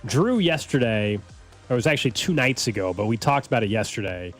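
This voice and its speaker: Upbeat mid-pitched radio host man. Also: lively intonation, a little fast, faint music behind. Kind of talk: casual sports radio chat.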